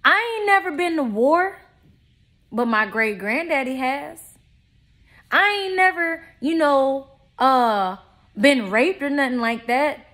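In her improvised vlog monologue, the young adult vlogger doesn't hold back: she swears, confronts, and alternates shouted bursts with hushed remarks.

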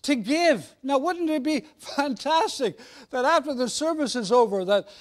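A man preaching a sermon in a jovial, conversational way with frequent restarts. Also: very high voice. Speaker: guest preacher.

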